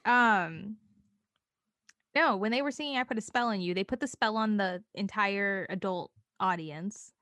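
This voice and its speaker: A young woman co-hosting a casual podcast chat, animated and acting out quotes in a high squeaky voice. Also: a little slow, dry recording, studio quality. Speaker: podcast co-host.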